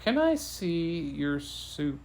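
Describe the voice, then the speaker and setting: A man's voice: fairly high pitch, big pitch swings, slow pace, gravelly, full character voice. A father voicing a brave, matter-of-fact girl on a quest in a bedtime story, close to his own voice. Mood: calm.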